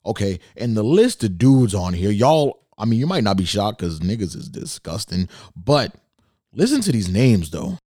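A man hosting a casual solo podcast from his bedroom, energetic and swearing constantly. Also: lowish voice, normal speed, dry recording, studio quality. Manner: energetic, swears a lot, jumps between hype and mock sadness. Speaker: podcast host.

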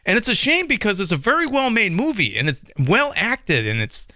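A man in casual chat about a movie, animated and laughing, acting out his reactions and swearing freely. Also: sits high, a little fast, dry recording, studio quality. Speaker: movie discussion co-host.

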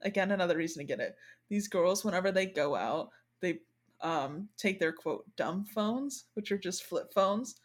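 Chatty, animated, woman, podcast host, casual conversation. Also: fairly low pitch, moderate pace. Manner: chatty, animated retelling with quoted voices. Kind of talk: casual chat.

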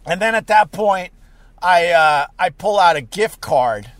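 A man talking to his viewers from a parked car, telling a story in a casual, rambling way with many fillers and sudden loud outbursts. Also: high-pitched, lively intonation, unhurried, no room sound. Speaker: live streamer.

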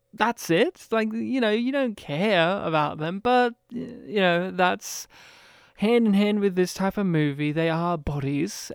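High-voiced man chatting about films. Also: clean tone, dry recording, studio quality. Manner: animated, rambling, quick to mimic characters. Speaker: film podcast co-host. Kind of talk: casual film review chat.

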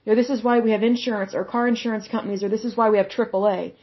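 A woman's voice: a little high, fairly even intonation, rapid-fire, dull audio. A woman teaching from the Bible in a casual, conversational way, blunt and outspoken.

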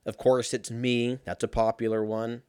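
A young man telling a casual story in a sarcastic, profane, animated way. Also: medium pitch, normal speed, clean tone, dry recording, studio quality.

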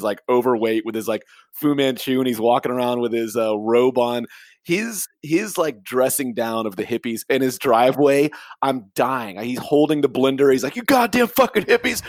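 A man co-hosting a podcast, talking excitedly about a film scene. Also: mid-range voice, normal speed, dry recording. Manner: excitable, animated. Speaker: podcast co-host. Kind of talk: casual film discussion.

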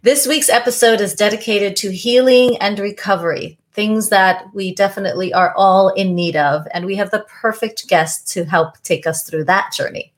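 A woman hosts a podcast in a polished, measured voice. She opens with a scripted introduction and then interviews her guest. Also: mid-range voice, fairly even intonation. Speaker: podcast host.

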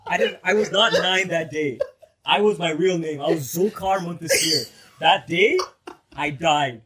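A young man with a husky, slightly raised voice co-hosts a casual podcast. He tells loud, animated stories full of slang. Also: on the high side, a little slow. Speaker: podcast co-host. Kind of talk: casual chat.

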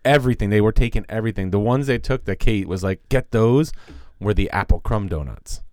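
A man's voice: lowish voice, fairly quick, darkish tone, no echo, clean studio sound. A middle-aged man co-hosting a podcast, telling a story in a casual, profane way and acting out the people he quotes. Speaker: podcast co-host.

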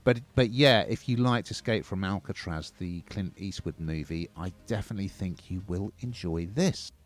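A man's voice: deep voice, normal speed. A man casually reviewing films and TV series on a radio show, chatty and opinionated.

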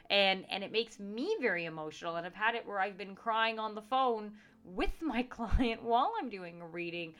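A woman's voice: mid-range voice, a bit bright. A woman who works as a professional psychic, talking casually and earnestly, reassuring listeners with many fillers and restarts. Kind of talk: casual talk to camera.

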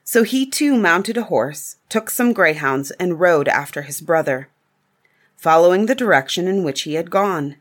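A woman reading a fairy tale aloud in a calm, measured storybook narration. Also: lowish voice.

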